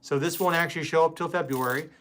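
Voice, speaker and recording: A man's voice: fairly high pitch, steady tone, fast talker, fairly bright tone. A man hosting a casual live stream, chatting and greeting viewers by name with plenty of fillers. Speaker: host.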